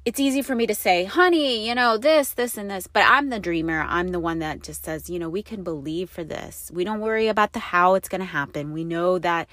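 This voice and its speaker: A woman with a lowish voice talks straight to the camera and tells a personal story. She rambles and corrects herself, with plenty of fillers and frequent laughs. The sound is dry and close, with no room echo. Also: expressive, a little fast, few pauses, a bit bright. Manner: rambling and confessional, with many fillers and self-corrections; breaks into laughter often. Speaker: wife sharing a personal story.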